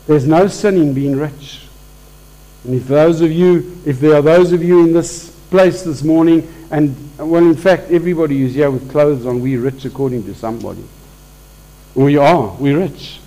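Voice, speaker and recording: A man's voice: on the high side, moderate pace, mellow, poor audio. A man preaching a conversational sermon at a church service, talking informally with restarts and building to emphatic peaks.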